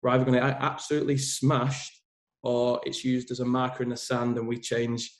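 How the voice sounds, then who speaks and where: Male co-host with a cold, mid-pitched, casual football chat, roomy sound. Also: monotone, a little fast. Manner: chatty, conversational, thinks aloud. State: has a cold.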